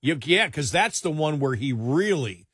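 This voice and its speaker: A man's voice: on the high side, animated, moderate pace, a bit bright, breathy edge, no echo, clean studio sound. A man hosting a casual talk show, rambling and correcting himself before building to emphatic points.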